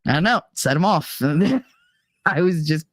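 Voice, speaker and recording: A woman's voice: low-pitched, expressive, slow, dry recording, clean studio sound. A woman hosting a podcast, talking through a candid, casual monologue in a blunt, profane way, laughing often as she tells her stories. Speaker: podcast host.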